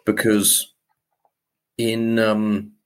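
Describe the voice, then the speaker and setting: A man with a somewhat low voice co-hosts a casual podcast. He recaps a film's plot in a chatty way, hesitating often with ums and repeated words. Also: completely flat delivery, extremely slow. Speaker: podcast co-host. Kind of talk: casual film-discussion chat.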